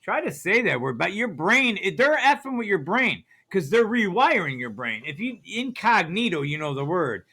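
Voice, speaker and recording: A man's voice: sits high, big pitch swings, moderate pace, hardly any pauses, bright, forceful tone, breathy edge. A man vlogging in a grocery store, ranting in a conspiratorial way and asking "see how that works" over and over. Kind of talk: ranting shopping vlog.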